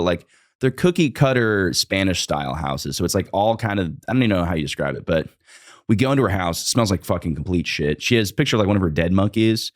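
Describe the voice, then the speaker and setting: Deep-voiced young man telling stories. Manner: loose and profane, lots of "like" fillers. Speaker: guest comedian. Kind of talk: casual storytelling in a podcast chat.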